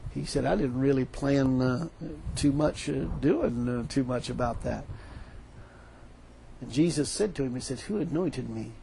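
A man preaching a sermon, animated, retelling a story with quoted dialogue. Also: mid-range voice, vocal fry, slight background noise, low-quality recording.

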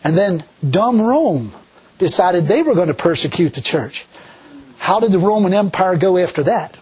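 Animated folksy male preacher, husky voice. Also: high voice, moderate pace, poor audio. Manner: folksy, animated, laughing often. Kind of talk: sermon.

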